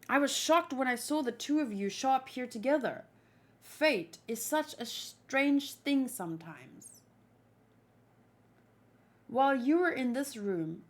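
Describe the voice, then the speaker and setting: A calm, regretful old male scientist, read by a woman doing a lower voice. He speaks slowly and quietly, with a measured, apologetic tone, in a manga read-along.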